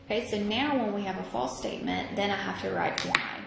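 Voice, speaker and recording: Woman, math teacher, slow and patient, echoey noisy room recording. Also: mid-range voice, huge pitch swings, creaky. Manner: slow, patient, thinking aloud. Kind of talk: recorded classroom lesson.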